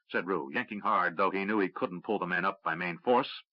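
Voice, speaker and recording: Low-voiced man narrating a fantasy audiobook. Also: brisk, hardly any pauses, no room sound. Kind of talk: scripted narration. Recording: dry, slightly dull audiobook recording.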